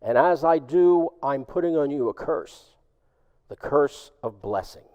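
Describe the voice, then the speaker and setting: A man doing a calm, ominous ragged stranger. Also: a little high, a little slow, long reverb tail, highs cut off.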